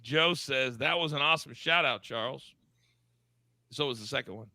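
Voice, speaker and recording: A man hosting a live sports betting show, upbeat and teasing as he calls on each crew member for quick picks. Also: medium pitch, pushed and bright, no echo, poor audio. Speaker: host.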